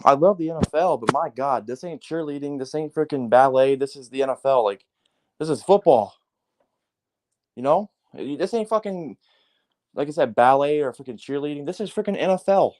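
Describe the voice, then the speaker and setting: Speaking at a normal speed in a fairly high pitch, a man rants about sports in a casual but heated way. He curses frequently, stays animated, and fills his speech with words like "like" and "man".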